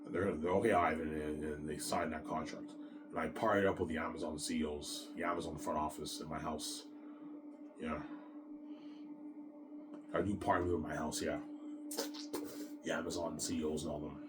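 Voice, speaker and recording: A man's voice: very deep voice, little pitch movement, normal speed, pauses often, over loud music. A man hosting his own show, talking in a rambling, boastful and repetitive solo monologue, with a cough now and then. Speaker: show host.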